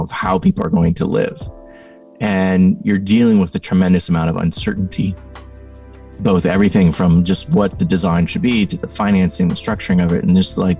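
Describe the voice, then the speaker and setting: A man's voice: deep voice, darkish tone, far from the mic. A middle-aged man, a podcast guest, telling a reflective story in a thoughtful, conversational way, full of "you know" and "like.".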